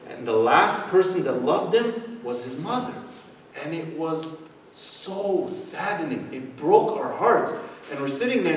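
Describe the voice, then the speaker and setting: A man's voice: a little high, slight background noise. A young man giving a youth sermon, telling a story and then preaching with rising emphasis. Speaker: youth speaker. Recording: echoey hall, heard from far off.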